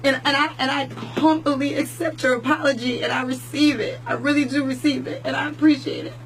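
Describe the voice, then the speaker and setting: A woman's voice: sits high, steady tone, brisk, poor audio. A woman radio host speaking earnestly and from the heart to a guest on air, often repeating herself. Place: radio studio.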